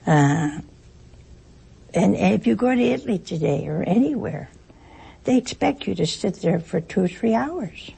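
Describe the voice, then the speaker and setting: Speaking a little slowly with animation, a woman with a warm, creaky, slightly rough mid-range voice tells folksy, joking stories to an audience. She performs short exchanges in other voices during the informal talk, captured on poor audio.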